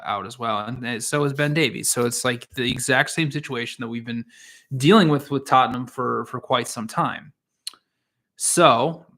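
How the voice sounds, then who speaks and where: A man talks through the week's soccer matches in a loose, off-the-cuff way. He rambles, backtracks and fills pauses with "uh" and "um", his pitch sitting in an ordinary middle range. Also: fairly bright tone. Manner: rambling, frequent fillers and restarts. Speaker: podcast host and soccer analyst. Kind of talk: casual solo podcast talk.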